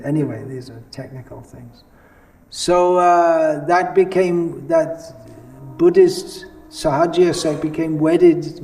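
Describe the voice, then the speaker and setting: A man giving a religious lecture as a monk, measured and explanatory, pausing often and restarting his sentences. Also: fairly high pitch, dark tone, low-quality recording. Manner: halting, many pauses and restarts.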